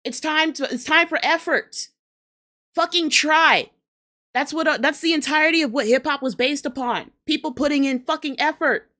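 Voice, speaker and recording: A woman's voice: sits high, moderate pace, pushed and bright. A woman with a New Orleans accent hosting a casual reaction show, talking bluntly and profanely in heated rants. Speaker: host reacting to rap videos.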